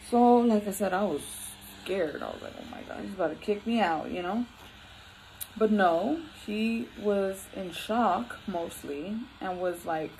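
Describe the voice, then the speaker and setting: A woman hosts a casual talk and tells a personal story with lively energy. She acts out what each person said and slips into Spanish now and then. Her voice sits at a middle pitch, with a faint background hiss. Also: rough recording. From Latin America. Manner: animated, acts out quotes, mixes in Spanish phrases. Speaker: podcast host.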